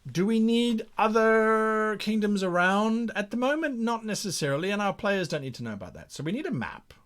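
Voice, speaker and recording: A man running a game brainstorms a campaign live, reading viewer comments aloud and thinking out loud, often restarting and repeating himself. His voice sits high with a sing-song lilt at a normal speed.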